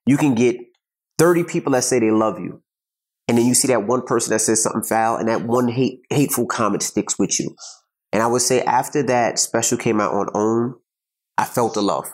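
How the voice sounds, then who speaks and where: A middle-aged man co-hosts a podcast in an easy, casual chat. He rambles and circles back on the same phrases as he hunts for his words. His voice sits at an ordinary, mid pitch. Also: a little fast. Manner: rambling, repeats himself while searching for words. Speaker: podcast co-host.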